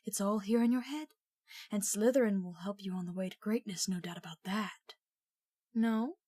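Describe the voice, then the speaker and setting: A woman voicing a small, hushed magical hat that murmurs slowly and thoughtfully. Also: medium pitch, slightly rough, no room sound, studio quality, close to an everyday voice. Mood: coaxing.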